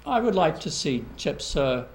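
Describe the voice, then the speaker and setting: A man, a village trustee, speaking haltingly with many fillers at a public budget meeting. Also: a little high, very animated, poor audio. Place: council meeting room.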